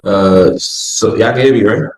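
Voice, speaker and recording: A man's voice: lowish voice, measured pace, a little mellow, echoey room, poor audio. A man answering a question during a sales training call, hesitating and searching for his words.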